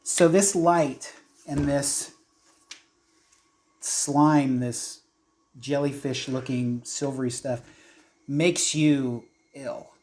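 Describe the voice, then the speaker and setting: Unhurried game master narrating horror. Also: male voice, mid-range voice, fairly even intonation, a little mellow. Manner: descriptive, unhurried storytelling with fillers.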